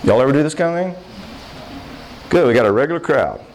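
An older man giving a lively sermon on marriage to a live crowd, conversational and playful, often checking in with the listeners. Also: medium pitch, quick pace, noisy background. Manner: acts out quoted voices and jokes. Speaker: pastor teaching on marriage.

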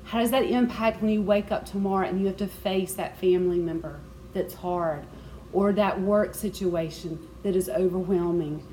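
A woman's voice: fairly low pitch, moderate pace, warm tone, a little hiss or hum, low-quality recording. A woman teaching a Bible study group, talking conversationally and sharing personal asides.

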